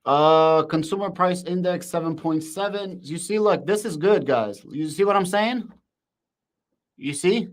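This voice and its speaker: A man hosting a live stream, shouting with excitement in casual slang and answering viewers' comments. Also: high-pitched, unhurried. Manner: shouting, hyped, slangy, reads chat aloud.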